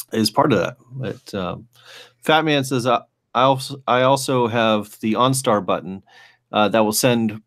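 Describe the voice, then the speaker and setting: A man co-hosting a casual podcast chat, rambling and laughing often between his words. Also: fairly low pitch.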